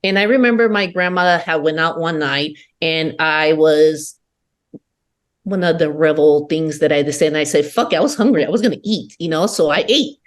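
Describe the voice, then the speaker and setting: A woman's voice: low-pitched, moderate pace. A woman from Peru, a podcast guest, telling her own story bluntly and with lots of swearing. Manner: blunt, profane, emphatic. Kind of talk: candid personal storytelling.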